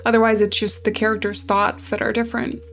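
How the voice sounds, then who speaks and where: A woman's voice: mid-range voice, flat delivery, brisk, a bit bright, slight background noise. A woman playing a narrative game, chatting casually and reading the game text aloud in a thoughtful way. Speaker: let's play gamer.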